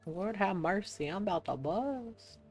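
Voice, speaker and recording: A woman's voice: medium pitch, animated, unhurried, darkish tone, faint music behind. A woman from the United States streaming a game, chatting casually in a playful, giggly way and swearing lightly. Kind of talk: casual chat while gaming.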